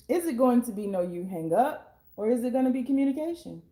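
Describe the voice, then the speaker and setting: Hoarse young woman tarot reader, mellow, slightly high voice, blunt and chatty. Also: lively intonation, normal speed. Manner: chatty, blunt, swears casually. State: hoarse, losing her voice. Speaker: tarot reader and life coach. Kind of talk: casual tarot reading.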